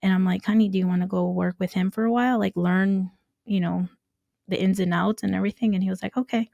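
A woman who grew up in Nicaragua, telling her story as a podcast guest, animated and laughing often as she acts out quoted dialogue. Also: medium pitch, quick pace, gravelly, no room sound, dull audio. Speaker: guest, construction entrepreneur. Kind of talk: casual storytelling interview.

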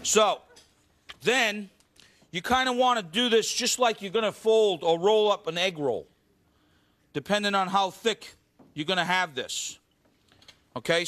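A man's voice: high-pitched, fairly bright tone. A man hosting a live cooking show, chatting and joking with the studio audience as he demonstrates a recipe.

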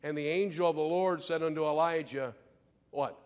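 A man pastor preaching a sermon, firing rhetorical questions and swinging between loud declarations and hushed asides. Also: on the high side, steady tone, moderate pace, smooth. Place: church sanctuary. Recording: long church reverb.

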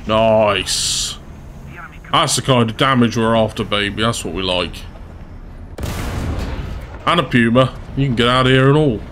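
A man at an ordinary middle pitch, commentating his own gameplay in a loose, conversational way. He talks straight to his viewers and pokes fun at his own slip-ups. A light hiss sits under the voice. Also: a little slow, long pauses, a bit bright. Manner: chatty, self-deprecating, talks to viewers. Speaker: gaming channel host.

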